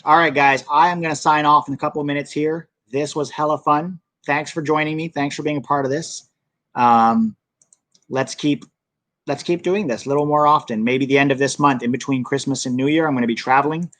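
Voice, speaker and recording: A man's voice: fairly high pitch, fairly even intonation, fairly quick, a bit bright, no room sound. A young American man hosting a soccer channel live stream, chatting casually and answering viewer comments. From United States.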